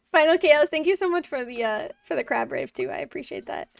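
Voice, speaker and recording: High, gravelly-edged woman streamer chatting. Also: expressive, normal speed, dry recording, distant mic. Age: 20s. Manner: chatty, laughs often, talks to chat and the game. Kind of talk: casual live-stream chat while gaming.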